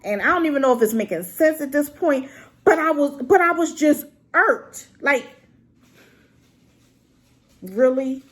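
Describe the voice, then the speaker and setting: A woman's voice: high voice, lively intonation, unhurried, long pauses, fairly bright tone. A woman reviewing a drama to camera in an unscripted, rambling rant, exclaiming and talking straight to her viewers. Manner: unscripted and unedited.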